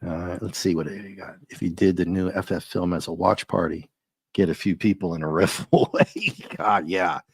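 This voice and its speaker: A man hosting a live stream, chatting and ranting casually with viewers, his voice a little rough and often breaking into laughs. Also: low voice, fairly even intonation, moderate pace, dry recording. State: slightly rough voice. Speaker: livestream host.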